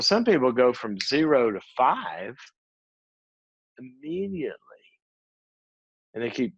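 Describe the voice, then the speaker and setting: A man giving a conversational teaching talk, an animated storyteller who acts out the people he quotes. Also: lowish voice, no room sound, dull audio. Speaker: psychologist and speaker.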